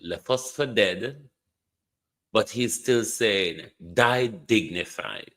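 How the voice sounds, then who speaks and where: A man's voice: fairly low pitch, extremely slow, fairly bright tone. A man with a Jamaican accent giving indignant, mocking political commentary, repeating phrases for emphasis.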